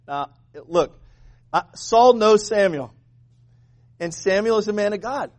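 A man preaching a sermon as pastor, animated and joking, asking the congregation questions. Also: high voice, unhurried, pauses often.

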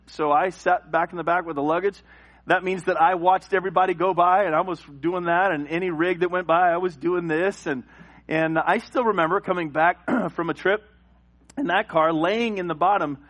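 A man preaching a sermon in church, telling a lively personal story and acting out the voices in it. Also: sits high. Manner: animated storyteller who acts out voices. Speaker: pastor.

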